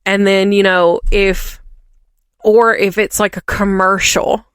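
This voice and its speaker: A woman's voice: mid-range voice, flat delivery, slow pace, clean tone, no room sound, clean studio sound. A woman co-hosting a podcast, rambling and ranting in casual chat with lots of fillers. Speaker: podcast co-host.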